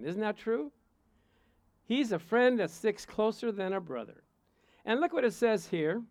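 High-voiced man preaching with playful stories. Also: no room sound, studio quality. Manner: storytelling, playful, chuckles often. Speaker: pastor. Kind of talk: sermon with personal stories.

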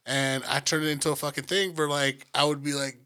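A man from Colorado telling stories in casual chat, animated and profane, jumping into high excited voices when he quotes people. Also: fairly quick, few pauses, clean tone.

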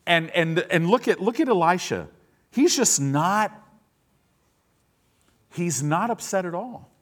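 A male pastor preaches in a lively, sing-song way, his voice rising and falling widely. He speaks slowly and deliberately, with a slightly higher-than-usual pitch. He reads scripture and breaks it up with playful asides. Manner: animated preaching with humorous asides; reads scripture aloud and explains it. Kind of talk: sermon.

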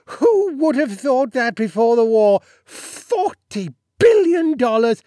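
Man reading as a pompous little Sultan, high voice, big swings of pitch, dry sound. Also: sing-song, a little slow, no echo. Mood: boastful. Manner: grandiose, bossy and cheerfully self-satisfied. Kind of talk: audiobook character voice.

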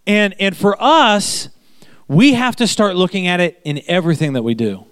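High-voiced man preaching conversationally. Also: animated, moderate pace, a bit bright, smooth, dry recording. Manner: chatty, repeats phrases for emphasis, tells anecdotes. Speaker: pastor. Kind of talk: conversational sermon.

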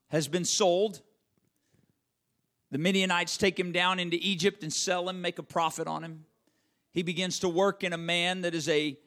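A man preaching a sermon in a dramatic way, swinging from loud stretches to hushed ones. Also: a little high. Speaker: pastor.

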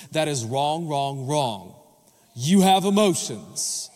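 A man's voice: a little high, animated, normal speed, a little mellow. A male pastor preaching a sermon in a church, often asking the congregation questions and calling for their responses. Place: church sanctuary. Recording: long reverb of a large church hall.

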